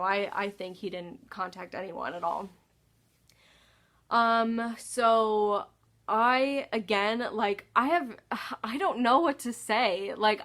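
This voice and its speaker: A woman's voice: medium pitch, a bit bright. Exasperated woman telling a story. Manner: exasperated, sighing, swears freely. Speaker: storytime vlogger. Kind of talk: casual storytelling.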